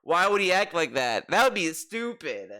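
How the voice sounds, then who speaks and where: A man's voice: high voice, big pitch swings, normal speed, sharp tone. A man ranting in reaction commentary, sarcastic, profane and exasperated. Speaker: commentary YouTuber.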